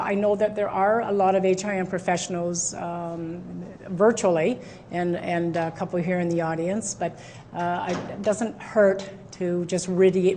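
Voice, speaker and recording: A woman's voice: fairly low pitch, mellow, slight background noise. A middle-aged woman giving a conference presentation, hesitant with frequent fillers and restarts. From Canada. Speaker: conference speaker. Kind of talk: presentation talk. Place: presentation room with a live audience.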